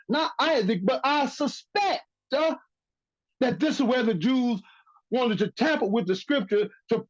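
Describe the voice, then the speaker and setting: A religious teacher giving a bible lesson, reading verses aloud and repeating key phrases for emphasis. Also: mid-range voice. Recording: dull lo-fi recording.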